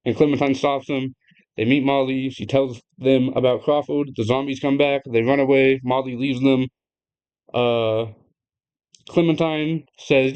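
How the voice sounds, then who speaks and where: A young man casually retelling a game's story to his viewers, excitable and chatty, laughing often and swearing freely. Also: medium pitch, unhurried, clear, resonant tone. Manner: chatty, addresses viewers directly. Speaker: gaming video creator.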